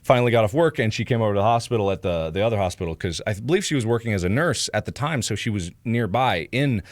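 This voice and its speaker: A young man from Ohio telling a rambling story on a livestream, full of fillers and acting out loud yelps. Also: on the low side, animated, fast, no room sound. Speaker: streamer.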